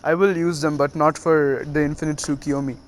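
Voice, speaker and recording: A man's voice: fairly high pitch, steady tone, fairly quick, slight background noise, lightly acted. Man doing a cool, cocky young ninja.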